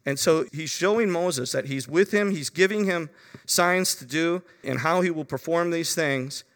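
A man's voice: a little high, measured pace, a bit bright, big-room sound. A man preaching a Bible-teaching sermon, talking to his listeners conversationally with frequent asides.

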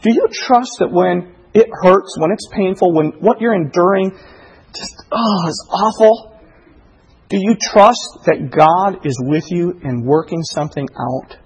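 A middle-aged man preaching a sermon, impassioned, rising to loud emphatic delivery full of rhetorical questions. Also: sits high, animated, unhurried, husky, poor audio. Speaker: pastor.

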